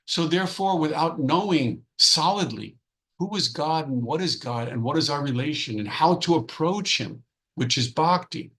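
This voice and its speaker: A man's voice: fairly high pitch, expressive, normal speed, a bit bright. A man giving a devotional sermon as a spiritual teacher, emphatic, repeating phrases and stretching key words.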